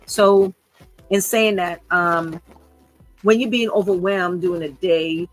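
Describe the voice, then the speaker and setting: A woman's voice: lowish voice, fairly even intonation, slow pace, soft background music, rough recording. Woman, fifties, hosts her own live show off the cuff; earnest, emotional, circles back on her words. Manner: emotional, earnest, repeats herself. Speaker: podcast host. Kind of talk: unscripted livestream talk.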